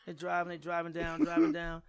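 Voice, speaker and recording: A middle-aged man, a comedian guest, telling stories in a casual, animated way full of restarts and slang. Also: on the high side, fairly quick, a crowd in the background. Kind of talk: casual storytelling.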